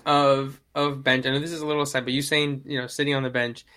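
A man's voice: mid-range voice, flat delivery, quick pace, pushed and bright. A man talking basketball in a loose, rambling, profane way, often mimicking people. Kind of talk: casual sports chat.

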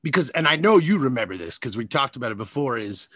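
A man hosting a podcast in casual, profane trash-talk chat, animated and self-mocking, laughing often. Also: medium pitch, quick pace, breathy edge, dry recording. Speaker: podcast host.

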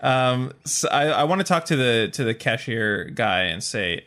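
A man playing a tabletop game, his voice in a plain middle pitch. He talks casually and a little hesitantly, working out what to do as he goes. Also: expressive, measured pace, a bit bright. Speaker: player.

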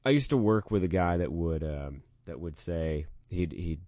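A man's voice: low-pitched, normal speed, no echo. A man co-hosting a podcast, chatting casually and acting out people in his stories. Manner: animated storyteller, mimics people. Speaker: podcast co-host. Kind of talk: casual chat.

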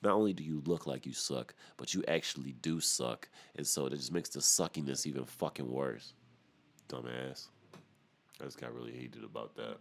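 Very deep-voiced man ranting on a podcast. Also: normal speed, creaky. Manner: profane, animated ranting with laughs. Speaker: podcast host. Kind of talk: casual solo podcast rant.

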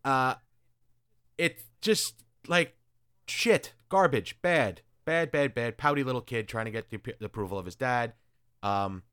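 A man hosting a casual chat, retelling stories in an animated, sarcastic way with crude asides. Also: mid-range voice, clear, resonant tone, no room sound, clean studio sound. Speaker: podcast host reviewing comics.

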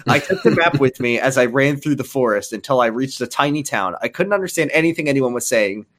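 Animated woman reading a story aloud comedically. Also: a bass voice, fairly quick. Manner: animated, laughing, theatrical. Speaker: podcast co-host.

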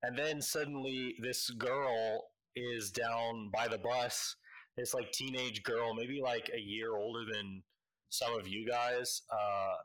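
A man narrating a tabletop game as game master, halting with many fillers. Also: medium pitch, fairly even intonation, a bit bright, rough recording.

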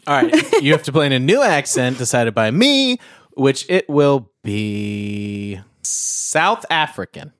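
Brief: playful male game host, animated pitch, dry close sound. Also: slow, no room sound. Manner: playful, teasing, laughs easily. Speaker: podcast host running a word game. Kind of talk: casual chat.

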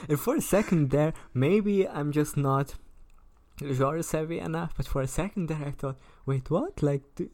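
A male podcast guest chatting about a movie, hesitant and halting. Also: fairly high pitch, darkish tone. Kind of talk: casual movie chat.

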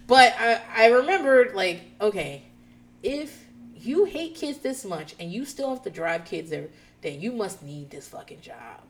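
Woman, 30s, podcast host; profane, animated storyteller who laughs a lot. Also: medium pitch, moderate pace. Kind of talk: casual storytelling chat.

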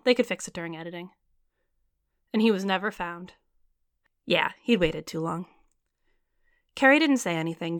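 A woman's voice: medium pitch, fairly bright tone, no room sound, studio quality. A woman narrating a scripted story, reading evenly and voicing the characters' lines herself.

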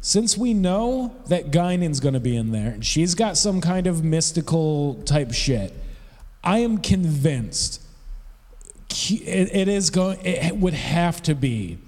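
A man co-hosting a podcast in casual chat, speaking in a halting, hesitant way. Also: on the high side, very animated, darkish tone, big-room sound. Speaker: podcast co-host.

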